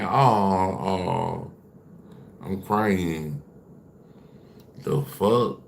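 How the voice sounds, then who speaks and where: A man's voice: sits low, animated, slow pace, creaky, fairly bright tone, slight background noise. A man on a casual livestream, taunting and dismissing his chat while repeating himself.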